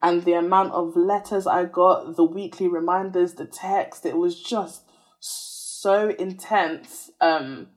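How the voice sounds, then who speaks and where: A woman's voice: fairly low pitch, fairly even intonation, slow pace. A woman in her twenties, a podcast guest candidly telling a personal story in a chatty, earnest way, full of "like" fillers.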